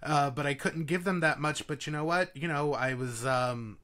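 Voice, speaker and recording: A man's voice: a little high, normal speed. A man with a New York accent, a magazine editor guest, talking in a rambling way full of fillers. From Queens, New York. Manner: rambling, filler-heavy, warm. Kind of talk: casual interview chat.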